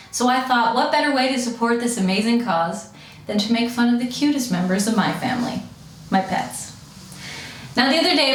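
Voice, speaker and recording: A woman comedian doing stand-up, playful and animated as she jumps her voice up and down. She sits a little high in pitch. She is picked up from some distance in an echoey room. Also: slight background noise.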